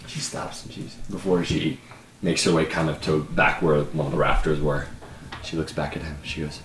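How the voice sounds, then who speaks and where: A man's voice: very deep voice, flat delivery, normal speed, fairly bright tone. A man narrating as game master of a tabletop game in a loose, filler-heavy way, recorded from a distant mic in a roomy space with faint hiss.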